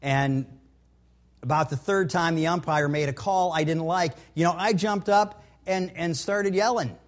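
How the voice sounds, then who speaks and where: Middle-aged male pastor, fairly high voice, folksy and earnest sermon delivery. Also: a little slow. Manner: earnest, conversational preaching with repeated words and personal stories.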